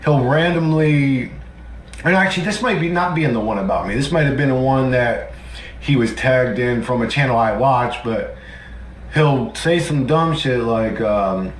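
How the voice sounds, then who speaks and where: A man's voice: medium pitch, lively intonation, moderate pace. Brief: man, offhand mocking commentary, roomy echo, faint noise behind. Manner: casual, hesitant, mocking with fillers and restarts. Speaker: video creator in a played clip. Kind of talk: casual commentary. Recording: echoey room with faint background noise.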